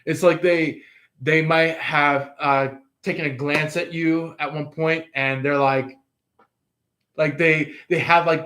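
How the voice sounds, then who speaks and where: A man's voice: fairly high pitch, steady tone, slow, a bit bright. A man giving a casual tarot reading, rambling with many fillers and restarts. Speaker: tarot reader.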